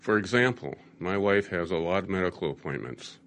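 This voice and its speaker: A man's voice: deep voice, expressive, fairly quick, a bit bright, a little hiss or hum. An older man in the audience, a caregiver for his wife, asking an earnest question.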